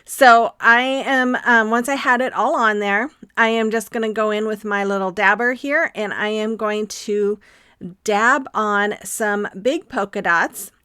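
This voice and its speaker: A woman's voice: medium pitch, fairly even intonation, a little slow, sharp tone, clear, resonant tone, no echo, clean studio sound. A woman hosting a craft tutorial, talking casually with frequent ums as she explains each step. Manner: chatty, friendly, frequent ums. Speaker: craft channel host.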